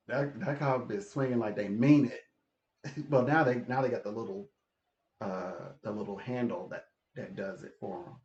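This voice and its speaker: A man's voice: medium pitch, gravelly, a little mellow, slight background noise. Laughing man rambling in an echoey room. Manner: laughs often, repeats and restarts words. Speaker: channel host. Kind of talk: casual rambling monologue. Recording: echoey room, slightly dull sound.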